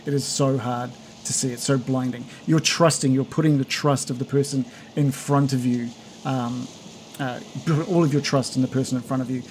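A man's voice: mid-range voice, fairly even intonation, moderate pace, a little mellow, a little hiss or hum. A man narrating as game master, rambling and correcting himself as he describes the scene. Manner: rambling, self-correcting, chuckling.

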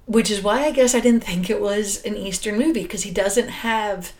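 A woman co-hosting a podcast in casual chat, musing slowly and deliberately. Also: mid-range voice, a little mellow, echoey room. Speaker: podcast co-host.

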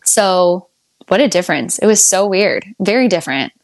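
Animated woman telling her birth story. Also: moderate pace, dry recording, clean studio sound. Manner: animated, laughs often, jumps up high when quoting herself. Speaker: podcast guest sharing her birth story. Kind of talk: casual conversational storytelling.

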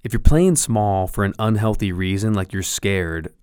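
A middle-aged man with a low voice speaks earnestly into a close microphone, a podcast host giving a motivational monologue. His tone is encouraging and a little preachy. The sound is dry, with no room around it. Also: animated, normal speed, a little mellow, clean tone, no room sound.

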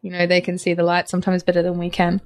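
A woman's voice: on the low side, monotone, fast. A woman hosting a podcast interview, chatting casually with lots of fillers. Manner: friendly, filler-heavy with frequent "you know". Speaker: podcast host.

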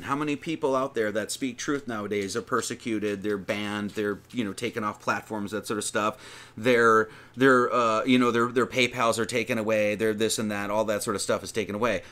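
Guy reading scripture and riffing on it, bright forceful voice, loose chatty sermon. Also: fairly low pitch, fairly even intonation, moderate pace. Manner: conversational, with many restarts and emphatic lists. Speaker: preacher.

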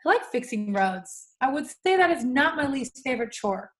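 A young woman from California co-hosts a podcast in a loose, chatty way. Her voice sits a little high, and she laughs easily and swears without a second thought. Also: sing-song, normal speed. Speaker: podcast co-host. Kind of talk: casual chat.

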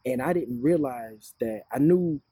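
A man from Detroit co-hosts a casual podcast and rambles through stories and explanations. His voice is very dark and mellow, with a husky grain, and it sounds dry and close-miked even though the show is recorded outdoors. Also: mid-range voice, a little slow, no echo. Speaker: podcast co-host.

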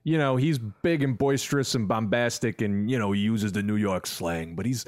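A man hosting a podcast in casual, eager chat. His voice sits fairly low. The recording is dry and close. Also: moderate pace, darkish tone, dry recording. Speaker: podcast host.

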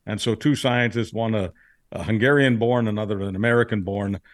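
A man giving blunt political commentary in casual podcast chat, measured with frequent fillers. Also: on the low side, no room sound, studio quality.

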